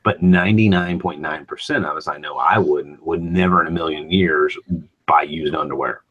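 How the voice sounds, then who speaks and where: A man's voice: a bass voice, moderate pace, breathy edge, highs cut off. A man hosting a casual morning chat show, asking rambling questions full of restarts.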